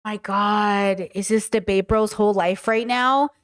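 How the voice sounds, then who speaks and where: A woman's voice: medium pitch, steady tone, measured pace, smooth. A woman streamer reacting to a video, ranting bluntly and swearing in casual chat.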